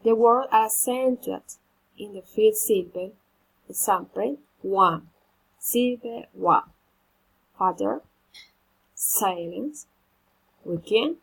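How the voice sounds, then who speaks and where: Woman, English pronunciation lesson, slow deliberate delivery, slightly husky voice. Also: medium pitch, rough recording. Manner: slow, deliberate, stressing each drilled word. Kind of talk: slow instructional drilling of word stress.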